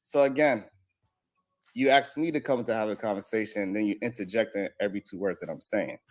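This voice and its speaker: A man's voice: on the low side, fairly quick, no echo. Male panel guest, insistent and frustrated, in a dry, close recording. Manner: insistent, frustrated at being interrupted. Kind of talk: heated panel argument.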